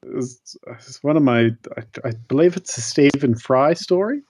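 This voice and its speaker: A man's voice: medium pitch, animated, normal speed, darkish tone, husky, no echo. A man co-hosting a podcast, telling stories hesitantly and often repeating words. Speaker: podcast co-host. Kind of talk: casual podcast chat.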